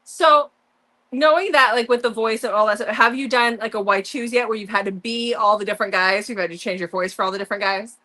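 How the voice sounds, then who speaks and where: A woman's voice: a little high, fairly even intonation, brisk, pushed and bright. A woman hosting a book review show, asking questions in a casual, eager way. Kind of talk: casual chat.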